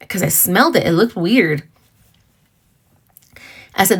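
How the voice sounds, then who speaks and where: A middle-aged woman with a fairly low voice hosts a casual talk about emotional healing. She speaks earnestly and conversationally, with personal stories and asides. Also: expressive, measured pace, long pauses, breathy edge. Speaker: podcast host.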